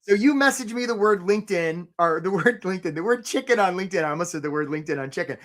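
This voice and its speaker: A man hosting a live career webinar, coaching casually with jokes and giving shout-outs to viewers by name. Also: sits high, quick pace, slight background noise. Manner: energetic and joking, breaks into short mocking impressions of job seekers.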